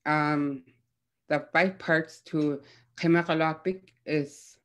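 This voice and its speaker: A young woman teaching throat singing in a gentle, hesitant way, with many fillers. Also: low voice, fairly even intonation, slow pace. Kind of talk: casual spoken lesson with demonstrations.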